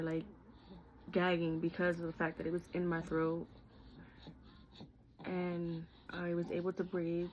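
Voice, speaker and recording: A woman's voice: lowish voice, a little mellow, a little hiss or hum, rough recording. Young woman candidly recounting a story. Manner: candid, heartfelt, chatty with many "like" and "literally". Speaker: vlogger. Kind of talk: personal storytelling vlog.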